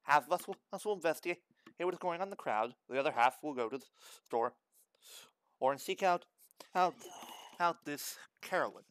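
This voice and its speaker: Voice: mid-range voice, expressive, a little fast, pauses often, a bit bright, dry recording, natural voice. A player voicing a stiffly formal, hesitant adventurer who stammers. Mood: curious.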